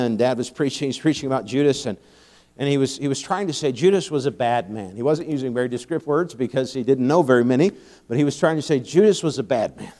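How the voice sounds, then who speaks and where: A young man preaching a sermon, telling stories with frequent laughs and building to loud, emphatic peaks. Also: mid-range voice. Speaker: pastor.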